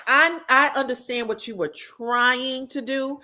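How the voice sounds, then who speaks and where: Young woman host, gossipy and profane reality-TV recapper, animated delivery. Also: high-pitched, measured pace. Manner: animated, profane, gossipy, laughs at her own jokes. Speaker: reality TV commentator.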